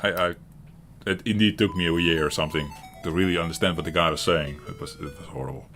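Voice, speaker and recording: This man hosts a retro gaming channel and speaks with a Dutch accent from the Netherlands, offering loose, rambling commentary on the game in front of him. His deep, slightly bright voice moves fast, full of frequent chuckles and restarts. Faint music plays behind him.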